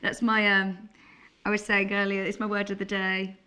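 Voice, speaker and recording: A chatty, enthusiastic woman hosting a crafts segment. She keeps the talk moving with lots of questions and friendly asides. Her voice sits at a middle pitch. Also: monotone, moderate pace, pushed and bright, slight background noise. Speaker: TV shopping presenter. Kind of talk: casual presenting chat.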